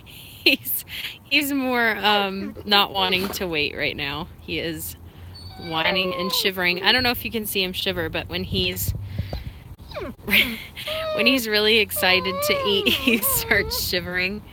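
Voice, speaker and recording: A woman hosting a casual live stream, talking to viewers, laughing often and giving short, firm commands to her excited dog. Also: mid-range voice, slow pace, background noise. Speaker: live-stream host training and feeding her service dog.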